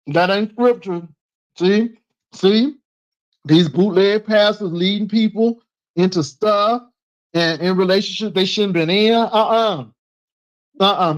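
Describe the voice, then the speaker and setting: High-voiced sassy man teasing. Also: highs cut off. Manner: sassy, teasing, emphatic repetition. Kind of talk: casual live call-in chat.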